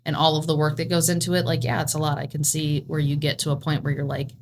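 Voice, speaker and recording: A woman's voice: sits low, little pitch movement, fast talker, slight background noise. A woman from Ohio co-hosting a casual true crime podcast, rambling and joking with lots of likes. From Ohio, United States. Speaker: podcast co-host.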